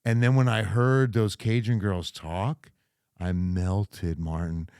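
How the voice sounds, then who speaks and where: Lively low-voiced man telling stories. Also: slow pace, smooth, dry recording, studio quality. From New Jersey. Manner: lively storyteller, acts out quoted people. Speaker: TV meteorologist guest. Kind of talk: casual podcast conversation.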